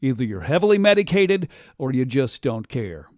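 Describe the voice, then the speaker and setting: Guy hosting a radio talk show, lively swingy voice, acts out little quotes, dry studio mic. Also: medium pitch, moderate pace, no room sound. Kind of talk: radio monologue.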